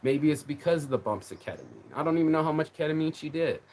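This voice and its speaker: A man's voice: on the high side, big pitch swings, fast, dark tone, a little hiss or hum. Rambling, profane man ranting on a livestream. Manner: rambling, profane, emotional, with many repeated words. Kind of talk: casual rant on a live stream.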